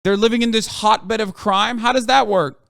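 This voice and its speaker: Profane, ranting streamer man, high voice. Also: steady tone, moderate pace, vocal fry, a bit bright, no echo, clean studio sound. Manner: profane, heated, sarcastic. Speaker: streamer reacting to news. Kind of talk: ranting commentary.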